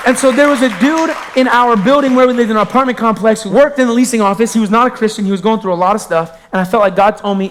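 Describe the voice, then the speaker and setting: A man from Pennsylvania sharing his testimony with a live audience, animated and swinging between hushed asides and exclamations. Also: very high voice, quick pace, few pauses, big-room sound.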